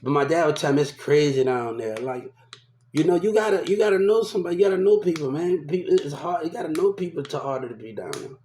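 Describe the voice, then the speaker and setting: A man's voice: a little high, quick pace, warm tone, a little hiss or hum. Rambling New man, echoey room. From New Orleans. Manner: rambling, profane, repeats himself. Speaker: vlogger. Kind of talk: casual rambling storytelling.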